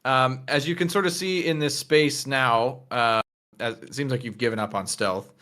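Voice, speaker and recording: Guy running a d&d session, playful, lots of ums, middle pitch. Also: moderate pace, pushed and bright. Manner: playful, with frequent fillers. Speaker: game master. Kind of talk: narrating a tabletop game, voicing NPCs.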